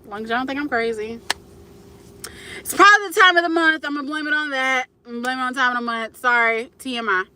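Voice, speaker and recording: Bright-voiced young woman chatting live. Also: high voice, fast. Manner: candid, emotional, chatty with viewers. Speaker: livestream host. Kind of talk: casual livestream chat.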